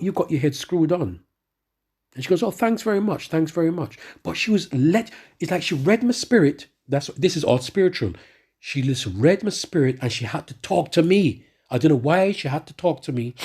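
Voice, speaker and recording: A man's voice: mid-range voice, darkish tone, slightly rough. A man giving a rambling spoken testimony who keeps checking in with his listeners as he tells his story. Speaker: church member giving testimony.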